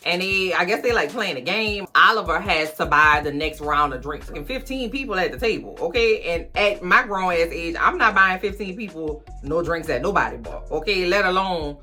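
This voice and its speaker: A woman, recapping a movie in a sassy, profane, comic way and acting out characters in quick voices. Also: fairly low pitch, lively intonation, bright, forceful tone, faint music behind.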